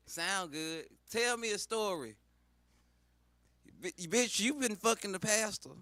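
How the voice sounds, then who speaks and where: A male comedian riffs in a high, bright voice, crude and profane. He slips into mock-preacher call-outs between jokes. The sound is dry and close. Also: lively intonation, takes it slowly, pauses often, no room sound. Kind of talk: profane stand-up riff.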